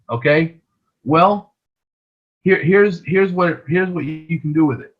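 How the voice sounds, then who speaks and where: A man's voice: a little high, slow pace, highs cut off. A man teaching a trading lesson over a shared screen, explaining patiently and often checking in with "right?".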